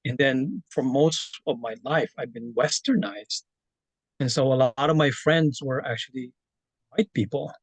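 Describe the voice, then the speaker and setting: A man from the Philippines with a Filipino accent, sharing a personal story in an online session, earnest and halting with many fillers and restarts. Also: mid-range voice, darkish tone, no echo. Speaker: community member sharing his story. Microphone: video call.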